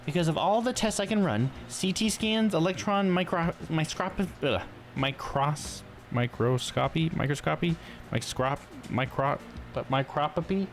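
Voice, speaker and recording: A man's voice: a little high, normal speed, soft background music, pitched above the performer's own voice, natural voice. A man voicing a sardonic young female forensic scientist, dry and teasing as he reads game dialogue. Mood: enthusiastic. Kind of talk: reading game dialogue on a livestream.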